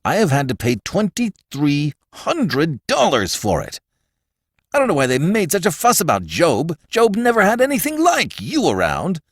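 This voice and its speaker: A man's voice: lively intonation, moderate pace, dry recording, clean studio sound. A man playing blustering Mister Brewster. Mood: bitter. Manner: blustering, sputtering, high-pitched outbursts. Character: irate wealthy older American father-in-law.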